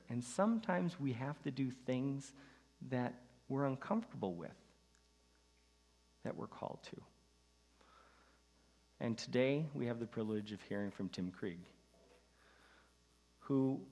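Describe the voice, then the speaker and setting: A man serving as pastor, introducing a speaker at a service in a gentle, measured way, with soft trailing phrases. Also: medium pitch. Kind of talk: sermon introduction. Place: church sanctuary. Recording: reverberant church sanctuary.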